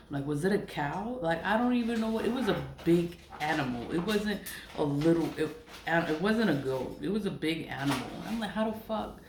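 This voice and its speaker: A woman's voice: lowish voice, a little mellow, slight background noise. A woman ranting casually to camera, blunt and profane, repeating herself for emphasis. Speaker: vlogger. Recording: echoey room with faint ambience.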